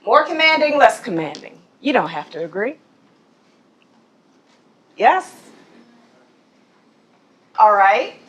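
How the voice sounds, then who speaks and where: A woman's voice: a little high, very animated, takes it slowly, long pauses, fairly bright tone, dull audio. A woman leading a corporate training session on voice, speaking to a group, asking questions and laughing now and then. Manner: coaching, asks the group questions, laughs often. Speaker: voice and presence trainer. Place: office training room.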